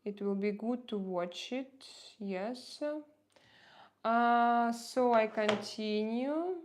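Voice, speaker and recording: A woman's voice: on the high side, very slow. A woman in her thirties from Russia with a strong Russian accent, chatting on a live stream and answering viewer comments with many fillers and restarts.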